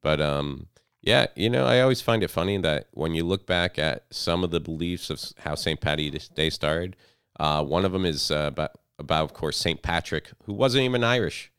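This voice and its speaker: A man in his thirties co-hosting a casual podcast, joking and slipping into loud mocking impressions. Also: extremely low pitch, normal speed, clean tone, dry recording, clean studio sound. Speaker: podcast co-host. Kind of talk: casual banter.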